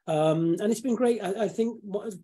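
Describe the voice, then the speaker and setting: A man hosting a casual live chat, rambling with restarts and frequent throat clearing. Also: high voice, moderate pace, warm tone. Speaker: host.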